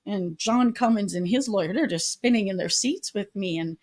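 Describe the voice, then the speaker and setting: A woman's voice: mid-range voice, moderate pace, darkish tone. Middle-aged woman telling her story. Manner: earnest, acts out the people she quotes. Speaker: podcast guest, public advocate. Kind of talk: personal storytelling in a conversation. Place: retreat venue.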